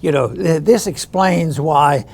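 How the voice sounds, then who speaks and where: A man hosting a political talk show, speaking in a halting way and restarting his words often. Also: fairly high pitch, gravelly, darkish tone. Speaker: show host.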